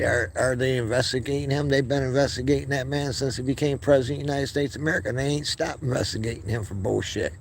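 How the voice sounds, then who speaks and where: Gravelly man ranting on camera. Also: medium pitch, a little hiss or hum. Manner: heated, profane, repeats and restarts words. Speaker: video channel host. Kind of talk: casual ranting monologue.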